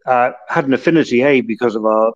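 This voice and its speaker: A man's voice: mid-range voice, fast. A middle-aged man from the North of England, a guest telling long anecdotes with many fillers and restarts. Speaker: guest, former football club chief executive. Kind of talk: relaxed anecdotal storytelling. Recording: slightly muffled lo-fi audio.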